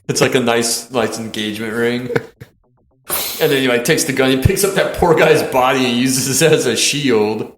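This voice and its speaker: A man's voice: mid-range voice, normal speed, echoey room, a little hiss or hum. A man hosting a podcast, casually and animatedly retelling comedy film scenes, laughing often and swearing. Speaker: podcast host.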